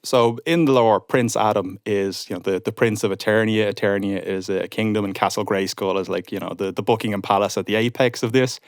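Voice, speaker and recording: A man's voice: lowish voice, brisk, few pauses, no room sound, studio quality. A man, a podcast guest in his thirties, telling a story and acting out what people said. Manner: animated storyteller, acts out quotes. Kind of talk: casual podcast chat.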